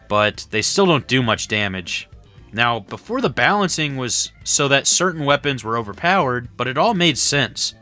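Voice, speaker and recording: Casting: male reviewer, crisp bright voice-over read, opinionated and blunt, faint music behind. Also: mid-range voice. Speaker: game reviewer.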